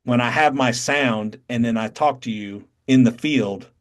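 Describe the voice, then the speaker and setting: A man's voice: medium pitch, unhurried. Southern man, blunt, swears for emphasis, spiritual teacher, video call. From North Carolina. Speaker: satsang teacher.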